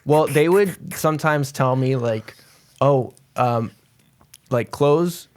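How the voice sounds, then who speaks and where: Easygoing laughing podcast host. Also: male voice, mid-range voice, slow pace. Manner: laughs often, easygoing, reads notes aloud. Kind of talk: casual chat and reading ghost history.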